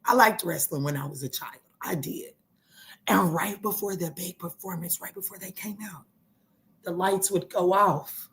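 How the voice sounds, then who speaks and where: A woman hosting a live tarot reading stream, talking casually and excitably, swearing freely and repeating herself. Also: on the low side, moderate pace.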